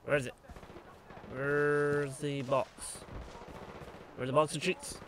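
A man's voice: medium pitch, fairly even intonation, takes it slowly, pauses often, noisy background. A man commenting on his own gameplay, muttering to himself and cracking jokes at his enemies. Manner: chatty, muttering to himself, jokey asides to enemies. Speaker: gaming let's play host. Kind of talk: let's play commentary.

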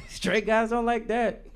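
A man performing a stand-up comedy set on a live stage, talking in a loose, slangy way and acting out characters in quick quotes. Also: high voice. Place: live venue stage with audience.

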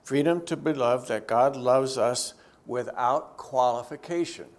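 A man, a theologian, teaching a church group in a conversational way, lifting his voice for emphasis and dropping to quiet, low asides. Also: unhurried, slight background noise. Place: church gathering.

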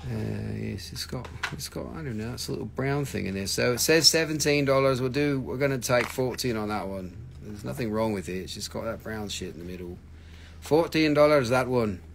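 A man hosting a live stream where he sells rocks, gushing excitably over each stone, swearing freely and bantering with viewers. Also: mid-range voice, fairly quick, vocal fry, slight background noise. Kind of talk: live sales stream chat.

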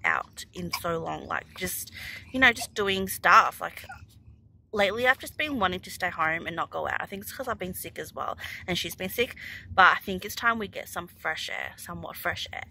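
A woman's voice: lowish voice, expressive, normal speed, creaky, sharp tone, a little hiss or hum. A young woman vlogging casually about her day as a mum, rambling with lots of "um" and "like". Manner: rambling, many fillers like 'um' and 'like'. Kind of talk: casual vlog chat.

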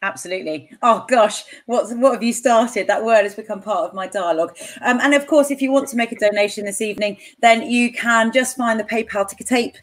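A woman's voice: fairly high pitch, brisk, few pauses. A woman co-hosting a live online dance show, bubbly and playful, laughing often as she chats. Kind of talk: casual live-stream hosting.

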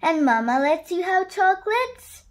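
A woman reading a children's story and voicing a fussy, kindly hen baby-sitter who scolds gently. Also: very high voice, sing-song, measured pace, soft background music, voice pushed up, full character voice. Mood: soothing.

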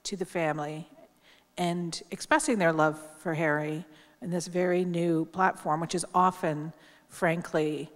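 Middle-aged woman, journalist, at the podium for a tribute speech; candid, wry, loose and conversational, fairly low voice, echoing hall. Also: fairly even intonation, a little slow. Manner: candid, wry, chatty with frequent ums. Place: large hall at a public event. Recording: long hall reverb.

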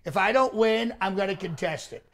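A comedian playing a boastful, blustering former president, rambling and trading insults in a live comedy stream. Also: male voice, high-pitched, brisk, gravelly.

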